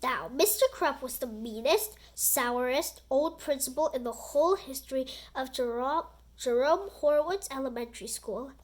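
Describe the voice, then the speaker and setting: A woman reading a children's book aloud in an animated, expressive storytelling voice. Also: high voice, normal speed.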